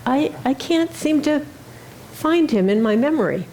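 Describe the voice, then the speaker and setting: A woman's voice: high voice, animated, measured pace, a little mellow, slight background noise, pitched above the performer's own voice, low-quality recording. God, fatherly and musing, stumbles over words; woman reads him. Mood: puzzled. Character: God, a puzzled, fatherly male deity.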